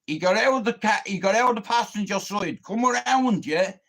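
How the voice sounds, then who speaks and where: A fairly high-voiced Irish man rants to his livestream about a neighbour and a repairman. He swears constantly and talks in a boastful, combative way. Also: lively intonation, brisk, a bit bright. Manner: heavy swearing, confrontational, boastful. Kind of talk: casual storytelling rant.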